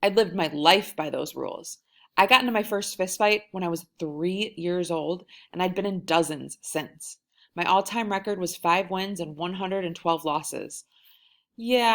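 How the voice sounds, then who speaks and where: A woman reading a novel aloud in a wry first-person storytelling manner, lively when voicing the quoted lines. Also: fairly low pitch, normal speed. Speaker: audiobook reader.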